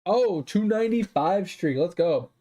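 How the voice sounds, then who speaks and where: A man's voice: high-pitched, animated, unhurried, dark tone. A man streaming a game, chatting casually and rambling with lots of "like" and "um", swearing now and then. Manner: rambling, heavy use of "like" and "um" fillers. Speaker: gaming streamer. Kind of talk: casual live-stream chat while gaming.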